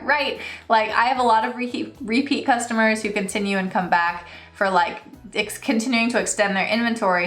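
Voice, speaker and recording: A young woman tells a ranting storytime, animated and quick to slip into mock voices for the people she quotes. Her talk rings a little off the walls of an echoey room, with faint music underneath. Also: mid-range voice. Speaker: freelance writer vlogger. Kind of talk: casual storytime rant.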